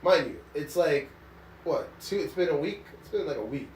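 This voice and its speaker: A man co-hosting a casual couch chat, animated and laughing, often acting out what people said. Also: fairly high pitch, moderate pace. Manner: animated, laughing, acts out quotes in voices. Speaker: co-host. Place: living room couch. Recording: echoey room, mic at a distance.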